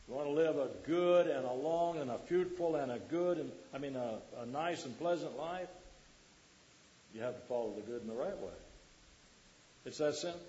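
A man's voice: on the high side, moderate pace, warm tone, highs cut off. A man preaching a sermon to a congregation, quoting scripture and putting questions to the listeners.

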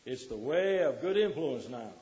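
A man's voice: medium pitch, lively intonation, moderate pace, darkish tone, dull audio. A man preaching a sermon to a congregation, quoting scripture and putting questions to the listeners.

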